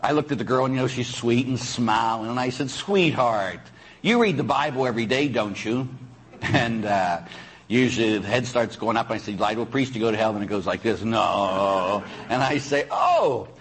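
A man preaching as a Catholic priest, telling stories in an animated way, acting out the people he quotes and breaking into sudden loud outbursts. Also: lowish voice, moderate pace, a little hiss or hum, low-quality recording. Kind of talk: sermon.

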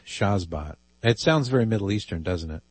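A man's voice: sits low, lively intonation, normal speed, darkish tone, breathy edge, no room sound. A man hosting a call-in radio show, reading listener emails aloud with amused asides. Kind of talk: casual call-in radio talk.

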